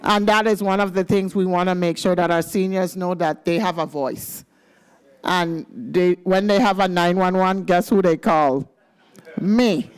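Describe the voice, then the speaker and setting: A woman's voice: on the low side, unhurried, clean tone. A woman with a Virgin Islands accent gives an upbeat, playful speech at a legislative ceremony and leads the crowd in chants. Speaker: government senior services official.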